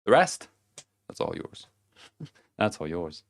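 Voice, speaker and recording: A man's voice: fairly low pitch, sing-song, slow. A man giving a casual motivational monologue to camera, blunt and profane, chuckling between his points. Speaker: vlogger.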